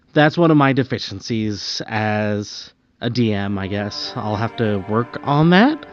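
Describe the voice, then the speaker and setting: A man's voice: on the low side, lively intonation, unhurried, highs cut off, faint music behind. A man hosting the show, thanking listeners in an upbeat, chatty way. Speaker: show host.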